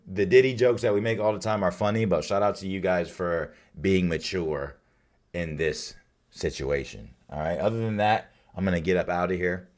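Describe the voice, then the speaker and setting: Man, very low voice, raspy, worn out, streamer chatting to viewers. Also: normal speed. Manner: upbeat, rambling shout-outs to chat. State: tired. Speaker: streamer hosting a watch party. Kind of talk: casual live-stream sign-off chat.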